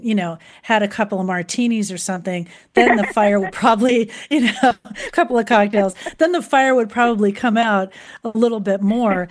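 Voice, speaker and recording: A woman hosting a call-in radio show, chatty and relaxed with lots of fillers. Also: mid-range voice.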